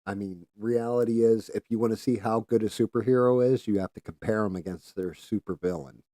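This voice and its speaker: A man with a low, warm, mellow voice talks casually on a livestream, rambling from one thought to the next and swearing freely. He trails off now and then while busy with careful handwork at his desk. The sound is dry and close. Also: steady tone, fairly quick, dry recording. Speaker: livestream host.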